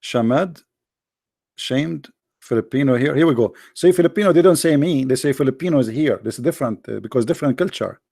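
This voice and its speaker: A man's voice: mid-range voice, lively intonation, creaky, mellow, no room sound, studio quality. Sarcastic man bantering with live chat. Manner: sarcastic, joking, reads chat aloud; halting non-native English phrasing. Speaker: livestream host.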